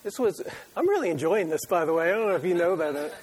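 A man preaching a sermon who tells an animated, joking story and acts out his own reactions. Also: high-pitched, fast talker. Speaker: pastor.

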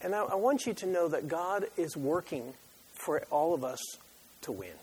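A man preaching a sermon who tells an animated, joking story and acts out his own reactions. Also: fairly high pitch, normal speed, slight background noise. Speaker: pastor.

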